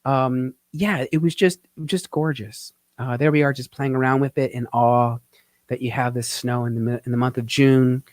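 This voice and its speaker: A man hosting a live show, narrating over his travel photos in an earnest, reflective way, pausing often with fillers and getting emotional. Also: mid-range voice, no echo. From Phoenix, Arizona. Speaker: host, tax teacher.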